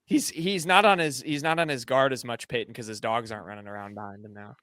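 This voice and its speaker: A man's voice: medium pitch, fast, pushed and bright, no room sound. A young man co-hosting a casual sports podcast, rambling and teasing his co-hosts, often restarting his sentences. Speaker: podcast co-host.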